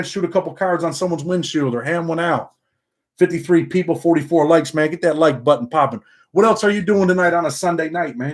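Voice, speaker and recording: Laid-back man with a Southern country twang. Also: on the high side. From upstate New York. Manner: ends sentences with "man". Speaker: livestream host reading chat. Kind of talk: casual livestream chat.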